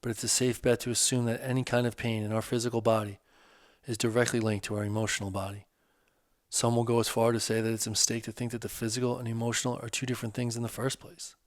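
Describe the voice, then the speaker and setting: A man voicing a soft-spoken, supportive male teacher who speaks gently and reassuringly. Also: medium pitch, level tone, fast talker, no echo, clean studio sound, natural voice. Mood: calm, caring.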